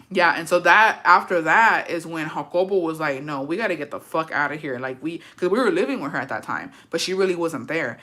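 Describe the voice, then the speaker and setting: Fast-talking bright young woman, blunt storyteller. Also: deep voice. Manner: blunt, heavy swearing, switches into Spanish; rambling with restarts and "like" fillers. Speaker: vlogger telling a personal story. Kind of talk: casual storytime monologue.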